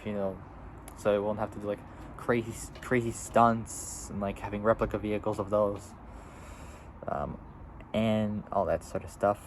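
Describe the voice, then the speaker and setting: A man's voice: lowish voice, a little hiss or hum, low-quality recording. A seventeen-year-old boy vlogging outdoors, rambling casually with lots of fillers and restarts. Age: teens. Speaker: YouTuber. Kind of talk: casual vlog.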